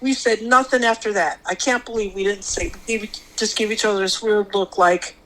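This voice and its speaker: A middle-aged woman guest telling a personal experience on a podcast, rambling, restarting often, and jumping higher when she quotes others. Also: steady tone, a little fast, hardly any pauses, fairly bright tone, poor audio. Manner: rambling, full of restarts, jumps high when quoting others.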